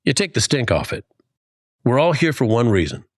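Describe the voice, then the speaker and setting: A man's voice: mid-range voice, moderate pace, no echo, clean studio sound. A man in his fifties co-hosting a podcast, telling stories in a casual chat and acting out the lines he quotes. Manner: animated storytelling, acts out quoted lines. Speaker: podcast co-host.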